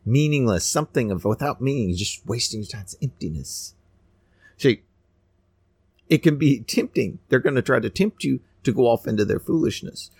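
A man preaching a fiery sermon with a lively, swinging pitch. He talks in a scornful, animated way that climbs toward near shouts. The sound is dry and close, with no room echo. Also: gravelly, slightly rough.

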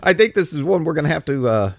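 A man's voice: a little high, fast talker, gravelly, no room sound, studio quality. A man hosting his own podcast, talking casually and restarting his phrases as he goes. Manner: animated, chatty, repeats words when restarting. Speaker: podcast host.

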